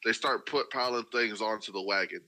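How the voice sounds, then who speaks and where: A man narrating as game master for a tabletop game, pausing often with fillers and restarts. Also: on the low side, bright, forceful tone, rough recording. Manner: halting, many fillers and restarts.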